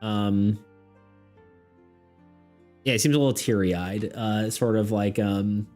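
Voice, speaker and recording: A man's voice: lowish voice, fairly even intonation, slow pace, darkish tone, soft background music. A man narrating a streamed tabletop game as game master, rambling, laughing often and using many fillers.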